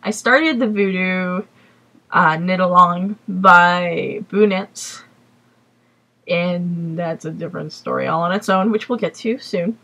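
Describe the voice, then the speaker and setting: A woman's voice: lowish voice, slow pace, bright, forceful tone. Chatty woman hosting a casual podcast. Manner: chatty, rambling, apologetic asides. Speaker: podcast host. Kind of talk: casual chat.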